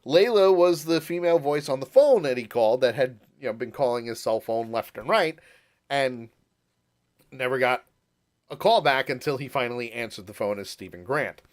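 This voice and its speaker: A man co-hosting a casual podcast, recapping an episode in an animated way, laughing and slipping into voices for quotes. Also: medium pitch, moderate pace. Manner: animated, laughing, puts on voices when quoting. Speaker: podcast co-host.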